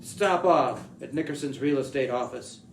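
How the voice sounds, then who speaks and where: A man's voice: medium pitch, moderate pace, echoey room, a little hiss or hum, close to an everyday voice, rough recording. A man voicing a big, sneering, bullying city man who talks rudely and curtly and mocks others. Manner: rude, curt and mocking.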